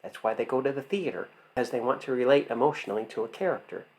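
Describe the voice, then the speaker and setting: Male acting coach, mid-pitched and emphatic, quizzes his viewers and answers himself. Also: quick pace. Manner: emphatic, fires rhetorical questions and answers them. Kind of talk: instructional talk to camera.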